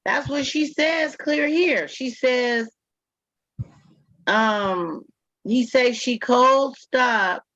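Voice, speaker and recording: A woman hosting a casual talk show, speaking frankly and earthily, quick to joke. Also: a little high, fairly bright tone, no echo. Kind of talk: casual chat. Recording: dull lo-fi dry sound.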